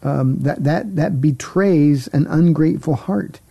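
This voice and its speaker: Gravelly, dark-voiced pastor in chat. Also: male voice, on the high side. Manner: measured and emphatic, with restarts. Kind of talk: casual faith talk.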